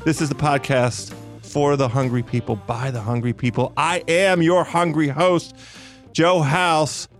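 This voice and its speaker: A man's voice: on the high side, fairly even intonation, measured pace, faint music behind. A man hosting a food podcast, talking in a hammy, playful way and bantering with his co-host. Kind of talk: casual food podcast chat.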